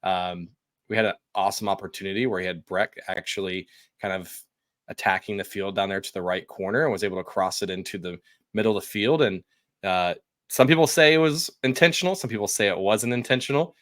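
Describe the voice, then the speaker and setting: Low-voiced guy hosting a soccer pod, upbeat, lots of ums, dry close sound. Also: fairly quick, fairly bright tone, dry recording. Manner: upbeat, asks questions, many fillers. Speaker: podcast co-host. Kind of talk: casual sports chat.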